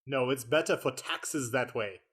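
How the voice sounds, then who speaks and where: A man cracks jokes at a tabletop game with a straight face. His voice sits at an ordinary middle pitch, calm and level. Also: a little slow, crowd noise. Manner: deadpan joking. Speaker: player.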